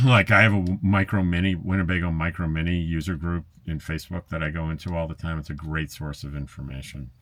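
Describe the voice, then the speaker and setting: A deep-voiced RV travel vlogger, a bit bright in tone, casually reads out comments from his viewers and answers in a chatty, easygoing way. Fillers and light laughs are frequent, and there's a wry, mildly sarcastic edge to him. The recording is dry.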